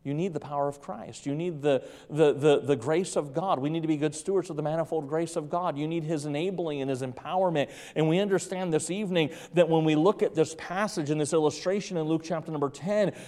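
A man preaching an evening sermon in a church, emphatic and repetitive, dropping to soft tones at times. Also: a little high, brisk, hardly any pauses. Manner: emphatic, repeats key phrases, drops to soft tones. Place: church sanctuary. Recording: long reverb of a large room.

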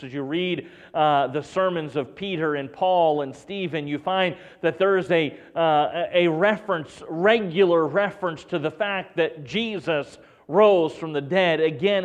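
A man preaching a Sunday sermon and reading scripture aloud, dropping his voice low and hushed for emphasis. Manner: preaching with dramatic drops to a hushed voice; reads scripture in King James wording. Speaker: pastor.

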